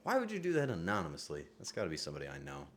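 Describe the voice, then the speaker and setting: Low-voiced, animated male streamer. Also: very fast, slight background noise. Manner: excitable, rambling, swings between loud outbursts and soft asides. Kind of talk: casual live-stream chat.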